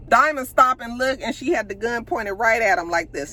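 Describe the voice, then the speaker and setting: A woman's voice: fairly high pitch, lively intonation, normal speed, hardly any pauses, sharp tone. A woman, casually retelling a TV episode and acting out the characters' lines. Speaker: TV show recapper.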